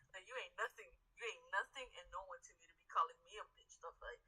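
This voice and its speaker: A woman's voice: mid-range voice, fairly quick, breathy edge, poor audio. A woman casually telling a heated story on a stream, swearing freely and acting out the quotes of both people in the argument. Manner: animated, profane, acts out heated quotes.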